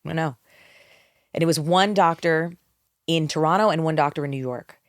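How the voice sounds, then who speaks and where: A woman's voice: sits low, moderate pace, dry recording, clean studio sound. A middle-aged woman, a singer, candidly telling her story in a podcast interview, reflective and full of restarts. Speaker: guest singer.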